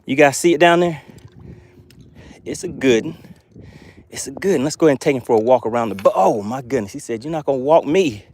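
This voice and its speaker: A man hosting a live fishing stream from a boat, excitedly commenting and reading chat messages aloud. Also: medium pitch, fairly quick, long pauses. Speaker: fishing livestream host.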